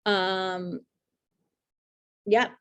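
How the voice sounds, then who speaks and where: A woman's voice: mid-range voice, flat delivery, extremely slow, smooth. Woman hosting a whiskey tasting on a video call, casual and rambly, lots of ums and restarts. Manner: chatty and loose, with many fillers and restarts. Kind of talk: casual talk for a virtual tasting.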